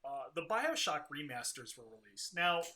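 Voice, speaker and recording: Male podcast co-host, bright forceful voice, rambling opinionated game talk. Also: on the high side, very animated, moderate pace, a little hiss or hum. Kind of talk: casual gaming podcast chat.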